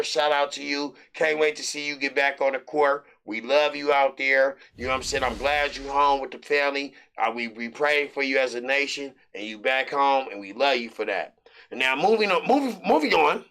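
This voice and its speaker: A middle-aged American man hosting a sports betting show, rambling loosely through his picks with hype and shout-outs. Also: mid-range voice. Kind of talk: casual sports picks monologue.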